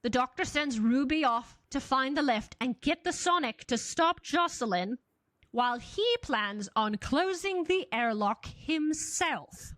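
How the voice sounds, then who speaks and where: A woman hosting a podcast, recapping a TV episode with animated storytelling and frequent laughter. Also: high-pitched, measured pace, no echo, clean studio sound. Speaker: podcast host.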